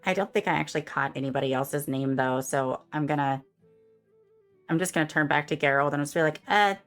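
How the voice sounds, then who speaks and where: A woman's voice: low-pitched, fairly even intonation, fairly quick, soft background music. A woman streamer describing her character's actions in a tabletop game in a chatty way, with many fillers. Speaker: player and streamer. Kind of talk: casual tabletop game narration.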